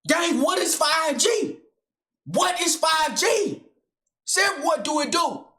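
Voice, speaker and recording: High, bright man ranting furiously. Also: lively intonation, slow pace, reverberant. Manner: furious shouting rant, slangy. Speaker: sketch comedian. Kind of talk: comedy rant sketch.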